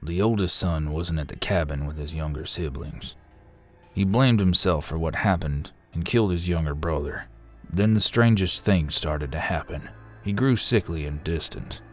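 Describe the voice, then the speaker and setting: An actor playing a grim, tight-lipped male park ranger who speaks in a low, serious, quietly ominous way in a horror story. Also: normal speed, soft background music.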